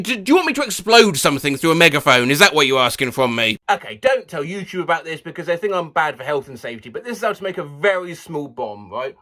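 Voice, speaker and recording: A bright, high-pitched man with a wildly lively voice, hamming up odd noises and silly words. He leaps between yelps, mock sound effects and chatty asides to his viewers. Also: fast, few pauses. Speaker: comedy YouTuber.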